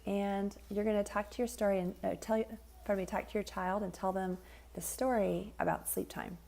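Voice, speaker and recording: A woman speaks as a parent coach in a calm, unscripted educational tip. Her voice is heavily gravelly with a dark, mellow tone, and she pauses often on fillers as she explains. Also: medium pitch. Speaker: parent coach and child sleep expert. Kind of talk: informal educational video tip.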